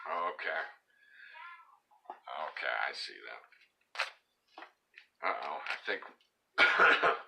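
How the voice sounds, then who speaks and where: A man's voice: low-pitched, sharp tone, slight background noise, rough recording. A middle-aged man chatting casually on a home livestream, reading viewer comments aloud in a rambling way with many fillers and an occasional cough. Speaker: livestream host.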